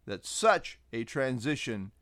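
A man's voice: medium pitch, sing-song, slow pace, a bit bright, dry recording. A man preaching an expository sermon who reads verses aloud with emphasis and cites chapter and verse numbers.

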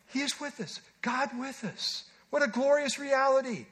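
High-voiced man preaching a sermon. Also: a bit bright. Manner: earnest, emphatic preaching with slow stressed phrases. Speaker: pastor.

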